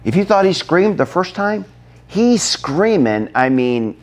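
A man preaching a sermon, telling a Bible story dramatically, dropping to a hush and then acting out shouts. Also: high-pitched, big pitch swings, measured pace. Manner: dramatic, acts out the scene, shifts from hushed to shouting. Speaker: pastor.

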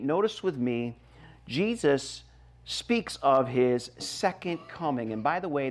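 Brief: middle-aged male pastor, mid-pitched voice, emphatic sermon delivery with big swings in loudness.

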